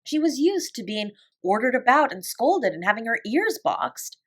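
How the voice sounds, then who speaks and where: A woman narrating a classic children's novel as a bedtime story, in an expressive storytelling voice. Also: fairly high pitch, moderate pace, slightly rough. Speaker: audiobook reader.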